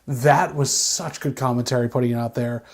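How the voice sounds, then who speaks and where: A man co-hosting a casual wrestling recap, animated and rambling with frequent restarts. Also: medium pitch, a little fast. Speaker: podcast co-host.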